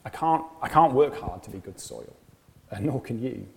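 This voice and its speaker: A man's voice: mid-range voice, expressive, normal speed, creaky, in a large hall. A man preaching a sermon, earnest, often repeating phrases and asking rhetorical questions.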